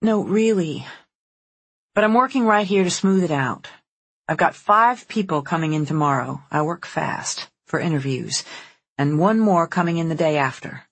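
An audiobook reader voicing a busy, determined young woman who runs a ranch, speaking in a brisk, practical way. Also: medium pitch, animated, a bit bright, slightly rough, no echo. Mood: insistent. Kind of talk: audiobook character voice.

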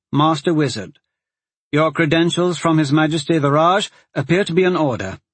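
Man voicing a stately regent queen, raised pitch, formal and measured, storybook reading. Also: a bit bright, breathy edge, no echo, exaggerated voice.

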